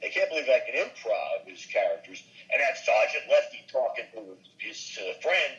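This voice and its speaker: During an interview, an older voice actor and comedian spins animated show-business stories and slips into character voices. He speaks at medium pitch and moderate pace, with the highs cut off in the recording.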